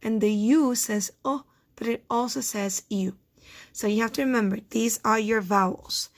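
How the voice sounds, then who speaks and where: A woman's voice: fairly high pitch, steady tone. A woman teaching first graders phonics in a recorded lesson, patiently repeating each word so children can count its syllables. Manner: slow, patient, repeats words to sound out syllables.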